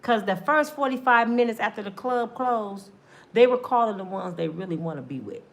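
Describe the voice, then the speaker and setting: A woman talk show host performs a comedic monologue, acting out little scenes and swinging between loud bursts and hushed asides. Her voice is mid-range, with lively intonation at a normal speed.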